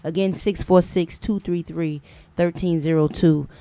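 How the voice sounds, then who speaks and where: A woman hosting a call-in radio show, chatting loosely in slang with drawn-out phrasing. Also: lowish voice, steady tone, dark tone. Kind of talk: casual call-in radio chat.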